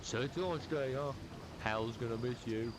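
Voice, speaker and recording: A man's voice: medium pitch, normal speed, background noise, natural voice. A man voicing a laid-back male alien villager with a put-on Australian accent, offhand and teasing.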